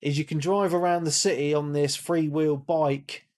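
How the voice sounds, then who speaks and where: A man chatting casually on a gaming podcast, his voice sitting a little high. He rambles, repeats himself and restarts sentences, and he is hoarse from losing his voice. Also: fairly even intonation, normal speed, darkish tone. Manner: rambling, repeats words, calls himself a big nerd. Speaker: podcast co-host. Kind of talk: casual chat.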